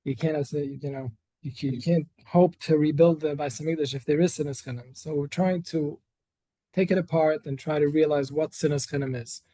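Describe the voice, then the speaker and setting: Man, earnest workshop leader, fairly high voice, mellow and dry, restarts phrases as he explains. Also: fairly even intonation, a little fast, no echo, low-quality recording. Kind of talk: Torah workshop lecture. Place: study hall with online attendees.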